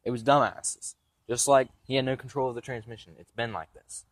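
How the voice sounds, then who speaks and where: Outdoors beside parked trucks, a young man with congested sinuses gives a vehicle tour on a handheld phone camera, rambling bluntly and profanely about his truck. His mid-range voice is brisk, with no echo.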